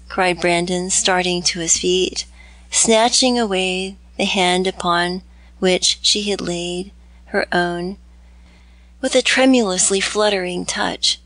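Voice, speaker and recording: A woman narrating a classic novel in a measured, steady reading. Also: on the low side, no echo, poor audio.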